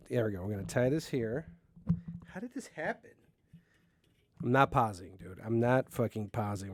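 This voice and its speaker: A young adult man hosting a solo podcast from his basement, rambling, crude and quick to slide into angry rants. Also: mid-range voice, expressive, a little hiss or hum. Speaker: podcast host. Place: home basement.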